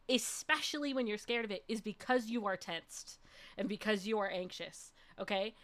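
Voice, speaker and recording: Young woman, streamer, casual storytelling, fairly high voice, animated, laughs a lot. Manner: animated, laughs often, ends points with "okay?". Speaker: vtuber streamer.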